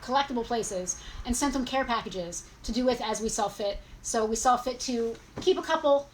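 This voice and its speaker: A woman's voice: on the high side, recorded from a distance, low-quality recording. Teasing woman speaking away from the mic. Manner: teasing, brisk, self-mocking. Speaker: co-host of a toy store live sale. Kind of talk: casual live-stream chat. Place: inside a toy and collectibles store. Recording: off-mic with clear background noise.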